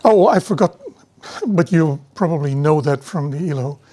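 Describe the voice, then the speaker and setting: A middle-aged man giving a university lecture in a relaxed, digressive way, often restarting his sentences. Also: a little high, normal speed.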